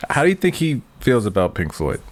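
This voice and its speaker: A man co-hosting a casual podcast, easygoing and quick to laugh. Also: mid-range voice, sing-song, a little hiss or hum. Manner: giggly, easygoing. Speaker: podcast co-host. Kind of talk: casual comedic banter.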